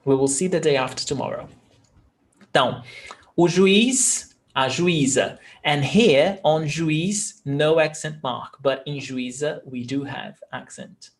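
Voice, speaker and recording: A man with a Brazilian accent leads an online Portuguese lesson over a video call, moving slowly and patiently between English and Portuguese. His voice sits a little higher than most men's, and he takes his time over every word. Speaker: Portuguese teacher. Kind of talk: online language class.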